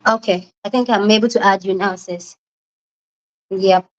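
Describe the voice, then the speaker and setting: A woman from Nigeria, hosting a casual live-stream chat from a room at home and squealing and shouting when excited. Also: medium pitch, normal speed, highs cut off. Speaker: livestream host.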